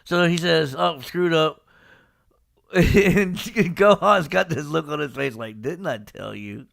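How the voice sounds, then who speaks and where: Gravelly man animatedly retelling a manga chapter. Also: fairly high pitch, slow pace. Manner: animated retelling, acting out characters' lines with laughs. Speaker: podcast host. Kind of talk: casual manga discussion. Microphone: live stream microphone.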